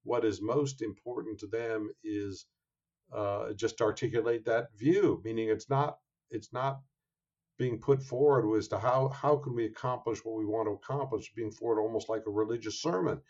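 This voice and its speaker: Man, interview guest, low voice, thoughtful, many fillers, dull lo-fi sound. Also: fairly even intonation, normal speed, a little mellow. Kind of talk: interview conversation.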